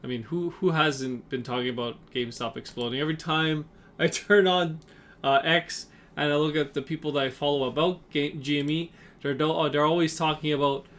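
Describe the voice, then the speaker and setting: A man's voice: medium pitch, steady tone, brisk, fairly bright tone. A man hosting a trading channel, talking through a stock chart in a casual, rambling way with lots of fillers and restarts, a bit out of breath. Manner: chatty, filler-heavy, restarts often. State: slightly out of breath. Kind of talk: casual market analysis.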